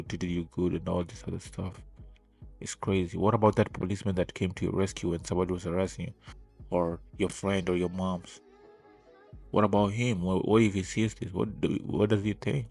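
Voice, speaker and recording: A man's voice: low-pitched, fairly even intonation, brisk, creaky, darkish tone, no room sound, faint music behind. A man giving casual reaction commentary, talking in incredulous, exasperated bursts and swearing freely. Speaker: reaction video host.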